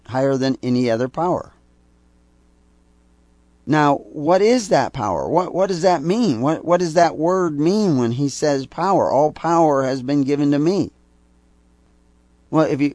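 An older man gives a sermon-style teaching talk in a mid-pitched voice. He rambles through his points and stresses key words with sudden emphasis. The recording is dry and close, with no room sound. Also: a little mellow, no room sound. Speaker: preacher.

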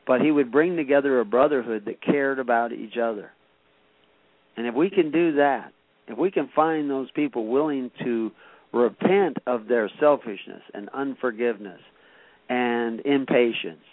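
A man's voice: mid-range voice, lively intonation, measured pace, no echo. A man preaching a sermon, shifting from folksy storytelling to emphatic exhortation. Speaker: pastor. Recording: dry, tinny phone-like radio broadcast.

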